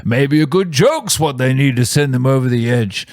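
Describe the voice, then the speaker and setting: A loud, pompous inspector, put on by a man in a comic podcast bit. He is brash and self-assured, and sounds very certain of himself. The recording is dry and close. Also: medium pitch, lively intonation, moderate pace, no room sound, close to an everyday voice. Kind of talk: comedic podcast character bit.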